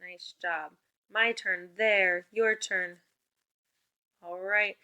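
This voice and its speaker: A woman teacher leads a remote spelling lesson for young children, with call-and-response prompts. Her voice is bright and her tone is upbeat and encouraging. Her pitch sits in a middle range. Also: fairly even intonation, very slow.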